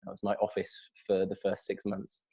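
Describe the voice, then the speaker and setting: A man's voice: deep voice, moderate pace, vocal fry, breathy edge. An English man telling stories as a podcast guest, acting out quotes and laughing often. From England. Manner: animated storyteller, acts out quotes with laughter. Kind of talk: casual chat.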